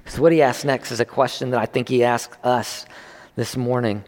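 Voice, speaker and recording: Chatty preacher with a ringing hall. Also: male voice, mid-range voice, steady tone, moderate pace, darkish tone. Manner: conversational, restarts, swells with emphasis. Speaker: pastor. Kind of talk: sermon. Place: church service. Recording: long hall reverb.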